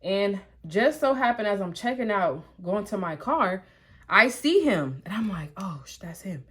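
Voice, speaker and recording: Young woman vlogger, chatty storytime, lively slang, acts out quotes. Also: medium pitch, measured pace, husky. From Columbus, Ohio. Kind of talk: storytime while getting ready.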